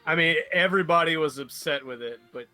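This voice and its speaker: A man's voice: on the high side, brisk, pushed and bright, faint music behind. A man, co-hosting a casual podcast, joking and opinionated. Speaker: podcast co-host. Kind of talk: casual chat.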